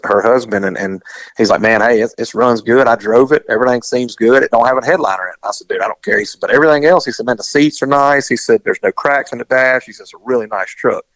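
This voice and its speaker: Man spinning a lively yarn. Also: mid-range voice, dry recording. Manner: animated, acts out the dialogue in his story. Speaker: guest telling a story. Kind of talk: casual storytelling chat.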